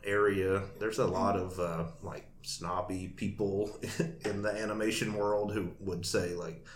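The guest, a cartoonist, speaks in a low, level voice at a measured pace during a casual Nashville interview, winding through a long story peppered with fillers and laughs. The room is echoey, with faint background noise.

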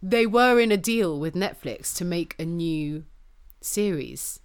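This podcast co-host has a fairly low pitch and a slow delivery. She swears freely and stays passionate and animated while making her points in heated, casual conversation.

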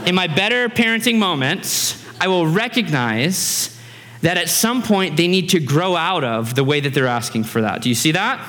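Lively bright-voiced male pastor preaching. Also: fairly high pitch, moderate pace. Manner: animated, conversational, acts out voices in anecdotes. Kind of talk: sermon. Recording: reverberant hall.

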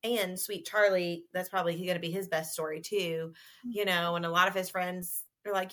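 A young woman tells her story as a guest in a relaxed podcast interview. Her telling is animated and full of giggles and laughs. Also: lowish voice, a little fast.

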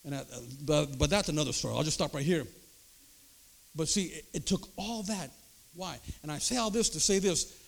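A man preaching, telling his own testimony story with animated storytelling and acted-out voices. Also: on the high side, a little fast, vocal fry. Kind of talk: sermon testimony.

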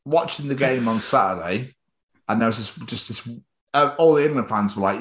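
A man telling a story in casual podcast chat, animated, swearing and acting out the shouting. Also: mid-range voice, moderate pace, reverberant. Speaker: podcast co-host.

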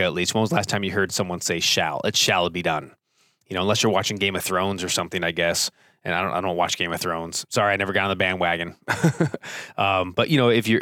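A man's voice: on the low side, a bit bright, no echo, studio quality. A man hosting a solo podcast, explaining ideas in a loose, conversational way and acting out quoted phrases with big jumps in his voice. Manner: conversational, many fillers and asides. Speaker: podcast host. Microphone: close studio microphone.

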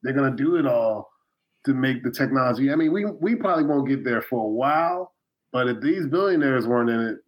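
A man's voice: medium pitch, expressive, fairly quick, lo-fi sound. A man co-hosting a podcast in casual chat, emphatic and jokey, with plenty of swearing. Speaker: podcast co-host.

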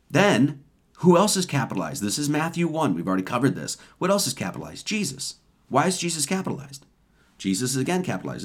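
A man's voice: medium pitch, slightly rough. A man teaching scripture in an informal sermon, often asking rhetorical questions and repeating words for emphasis. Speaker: teacher of a Bible study.

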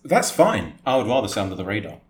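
A man's voice: lowish voice, fast. A man co-hosting a football podcast in casual chat, joking and laughing as he riffs. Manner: laughing, animated when joking. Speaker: podcast co-host. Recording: echoey room with faint noise.

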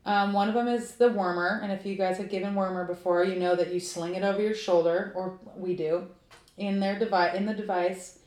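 A woman's voice: medium pitch, steady tone, a little fast, darkish tone. Chatty woman co-host in an echoey room. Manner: chatty, laughs often, many fillers. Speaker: podcast co-host. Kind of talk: casual chat.

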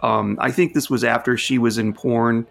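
A man with a gravelly edge to his mid-pitched voice talks through a movie on a podcast. He recounts scenes with animated, laughing energy, in a casual conversational tone. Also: moderate pace. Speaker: podcast co-host, lawyer. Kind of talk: casual film discussion.

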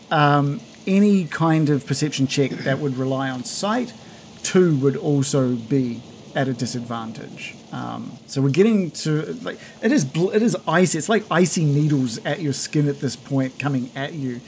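A man's voice: on the high side, expressive, normal speed, darkish tone, a little hiss or hum. A man narrating as game master, rambling and correcting himself as he describes the scene. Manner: rambling, self-correcting, chuckling.

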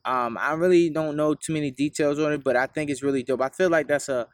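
A man with a Baltimore accent hosts a casual podcast, loose and slangy with plenty of profanity. His voice sits in a middle pitch and sounds close and dry even though the show is recorded outdoors. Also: quick pace, no echo. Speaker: podcast host.

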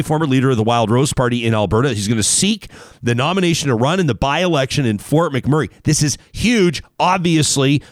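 A man's voice: mid-range voice, dry recording, studio quality. A man hosting a talk show, chatting in a playful, digressive monologue.

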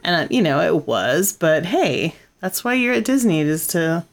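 A chatty woman co-hosting a relaxed conversation. Her voice sits fairly low for a woman, and she fills her talk with ums and likes as she goes. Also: moderate pace. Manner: chatty, with frequent fillers and laughs. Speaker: podcast co-host. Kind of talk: casual chat.

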